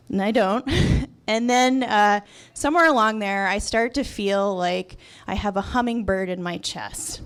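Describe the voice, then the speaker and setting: A woman's voice: mid-range voice, unhurried, a bit bright, clean tone. A young adult woman telling a personal story at a live event in a restaurant, candid and wry with a sarcastic edge.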